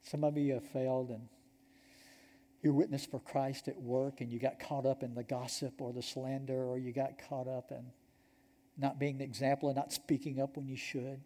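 A man with a Georgia accent preaching a sermon to his congregation, telling the story earnestly and dropping to a hush for key points. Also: medium pitch, flat delivery, normal speed. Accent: Georgia, US Southern. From Georgia, United States. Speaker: pastor. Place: church sanctuary. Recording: long reverb of a large hall.

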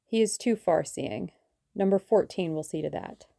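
A woman reading an audiobook, voicing a businesslike male German conspirator with a clear voice. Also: lowish voice, lively intonation, moderate pace, warm tone, dry recording, studio quality. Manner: crisp, matter-of-fact.

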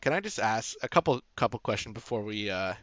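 A man's voice: fairly low pitch, animated, fairly bright tone, no room sound. Laid back guy asking questions on a podcast, lots of ums and restarts, dry muffled sound. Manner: easygoing, halting, laughs along. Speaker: podcast co-host. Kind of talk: casual movie review chat.

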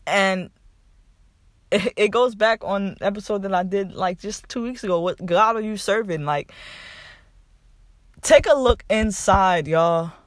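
A man's voice: high-pitched, moderate pace, a bit bright, no echo, studio quality. A young man hosting a podcast, giving a casual motivational talk and repeating phrases for emphasis with casual swearing. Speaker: podcast host.

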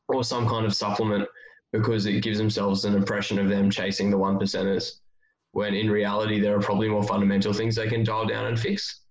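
A man coaching athletes, talking casually on a podcast and thinking aloud with plenty of fillers. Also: on the low side. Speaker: strength coach. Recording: roomy, dull-sounding audio.

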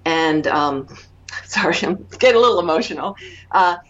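A woman in her fifties with a low voice, speaking as an interview guest. She talks reflectively, often pausing with fillers and restarting her sentences. The recording sounds dull and lo-fi. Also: expressive, fairly bright tone. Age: 50s. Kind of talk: conversational interview.

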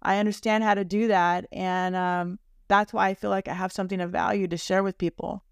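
A middle-aged woman, a guest educator, answering interview questions in a measured, reflective way. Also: medium pitch, level tone, smooth, dry recording, clean studio sound.

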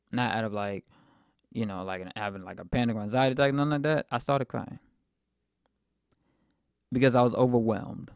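Young male podcast host, mid-twenties, gravelly, dry close sound, rambling faith testimony. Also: mid-range voice, no echo. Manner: reflective, rambling with fillers.

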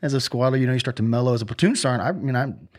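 A man's voice: mid-range voice, racing. A middle-aged man, a former Army sergeant, telling stories in a casual interview, rambling with many fillers and restarts.

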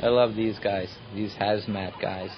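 A man's voice: fairly low pitch, steady tone, measured pace, lo-fi sound, over music. A man, a film director, telling stories from the shoot and explaining how the shots were made on a commentary track. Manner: explanatory, storytelling, talks through the shots. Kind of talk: anecdotal commentary.

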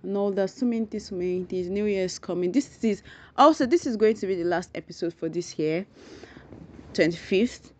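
A woman hosting a solo podcast, rambling and thinking out loud, effusively grateful to her listeners. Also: mid-range voice, brisk. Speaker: podcast host. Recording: dull lo-fi recording.

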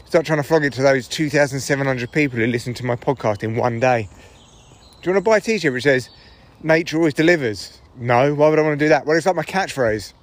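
A man's voice: mid-range voice, quick pace. A man, a comedian, rambling through a casual solo podcast while walking his dogs in the woods. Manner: chatty, rambling, swears freely.

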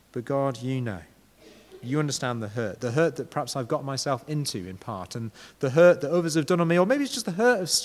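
Preacher with hall reverb. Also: male voice, a little high. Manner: conversational, with frequent rhetorical questions. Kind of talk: sermon.

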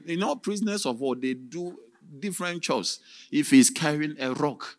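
A man preaching as a theatrical storyteller, with sudden shouts and sound effects. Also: on the high side, normal speed, a little hiss or hum. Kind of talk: dramatic sermon storytelling.

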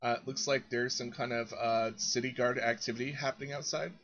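Bright-voiced male game master. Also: mid-range voice, fairly quick. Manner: relaxed, hesitant with fillers. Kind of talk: narrating a tabletop game. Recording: dull lo-fi mic.

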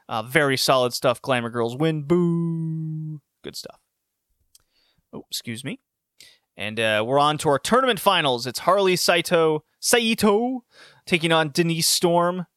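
A man's voice: mid-range voice, pushed and bright, clear, resonant tone, dry recording, clean studio sound. A man giving a casual, opinionated recap of wrestling matches, sarcastic and prone to restarting his sentences. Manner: sarcastic, opinionated, frequent self-corrections. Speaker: wrestling show reviewer.

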